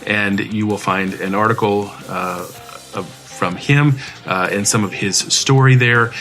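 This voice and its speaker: Halting male podcast host, bright voice. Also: fairly low pitch, soft background music. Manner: halting, with many "uh"s and repeated words. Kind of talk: podcast interview hosting.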